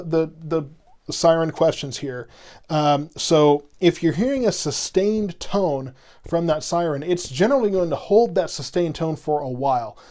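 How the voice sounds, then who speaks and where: A man with a slightly high, mellow voice hosts a live severe weather stream, explaining things at length to viewers. He rambles, restarts and repeats himself often while patiently answering chat.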